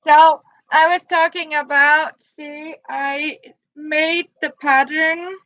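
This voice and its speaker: A woman whose first language is Danish, showing her handmade boots and materials in halting, hesitant English with many pauses to search for words. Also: sits high, little pitch movement, fairly bright tone, dry recording, dull audio. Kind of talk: casual show-and-tell.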